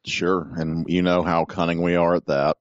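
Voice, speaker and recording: A man co-hosting a podcast, deadpan and drily joking in casual chat. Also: sits low, normal speed, no room sound, lo-fi sound. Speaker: podcast co-host.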